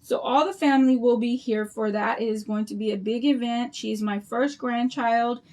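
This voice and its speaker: A woman's voice: fairly high pitch, moderate pace, a little mellow. An older woman hosting a craft livestream, chatting to her viewers in a bubbly, rambling storytelling way.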